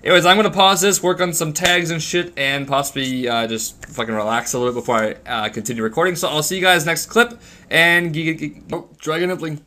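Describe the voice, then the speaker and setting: A man's voice: fairly high pitch, fast, sharp tone, a little hiss or hum. A man giving casual, rambling gameplay commentary to his viewers, swearing freely as he plays. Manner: rambling, profane, talks to viewers while playing. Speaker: gaming channel host.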